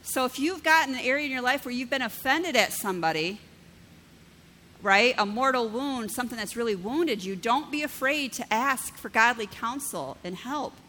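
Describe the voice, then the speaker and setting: A woman's voice: on the high side, animated, normal speed, bright, forceful tone, in a large hall, a little hiss or hum. A woman pastor preaching a conversational sermon, often checking in with "right?" and using vivid everyday examples. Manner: conversational, keeps asking "right?".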